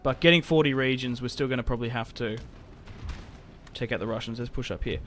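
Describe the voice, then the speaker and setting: A young man giving casual, rambling game commentary, self-mocking and prone to sudden excited outbursts. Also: medium pitch, fast, a little hiss or hum. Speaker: gaming YouTuber. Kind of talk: casual Let's Play commentary. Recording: game music playing faintly behind.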